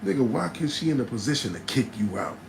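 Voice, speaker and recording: A man's voice: medium pitch, fast talker, vocal fry. A battle rapper from New Jersey, talking bluntly and casually in slang to his livestream chat. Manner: blunt, laid-back, slangy, answers chat. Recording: steady background noise.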